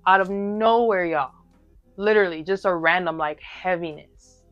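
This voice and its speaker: A young woman with a low voice tells her testimony in an earnest, emphatic, casual way, speaking straight to the viewer. The audio is slightly dull and lo-fi, with soft music underneath. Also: normal speed, no echo. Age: early 20s. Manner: emphatic, talks straight to viewers with many fillers. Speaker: vlogger sharing her testimony.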